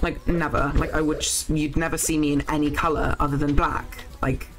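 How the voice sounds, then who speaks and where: A woman's voice: deep voice, level tone, fairly quick, fairly bright tone, soft background music. A young woman streaming a farming game, chatting casually with her viewers and swearing freely as she plays.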